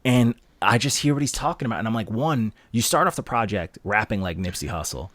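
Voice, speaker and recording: A man's voice: fairly low pitch, dry recording. A young man co-hosting a casual music review podcast, ranting animatedly and swearing a lot. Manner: animated, profane, quick rants. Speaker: podcast co-host reviewing albums. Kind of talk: casual chat.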